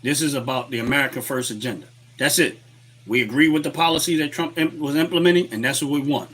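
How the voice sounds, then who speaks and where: Here a man hosts a political livestream in a medium, slightly rough, somewhat bright voice at a quick pace. Fired-up and repetitive, he rants, welcomes chat viewers and reads comments aloud, captured through a webcam at his desk.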